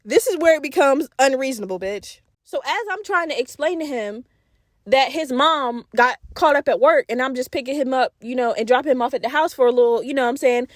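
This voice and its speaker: Woman podcast host, young, high-pitched, dry booth sound; brash, profane storyteller who addresses the audience. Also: fairly quick, no room sound. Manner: profane, animated, talks straight to listeners. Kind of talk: casual storytelling. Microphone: podcast mic.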